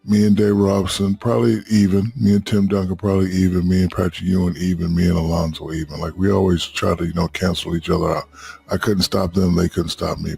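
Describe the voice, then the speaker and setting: Deep gravelly man telling stories. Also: dry recording. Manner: profane, animated storyteller who acts out quotes. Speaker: podcast guest. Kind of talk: casual storytelling chat.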